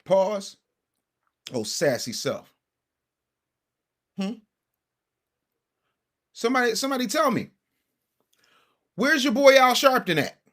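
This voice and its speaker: Brash, high-voiced male commentary host. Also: animated, unhurried, long pauses, a bit bright. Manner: brash, combative, talks to the chat. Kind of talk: casual livestream political commentary.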